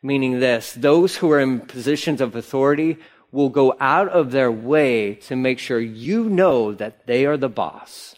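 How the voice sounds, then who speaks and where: A man's voice: mid-range voice, unhurried. A man preaching a sermon in a church, talking conversationally with playful asides. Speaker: pastor. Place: church sanctuary.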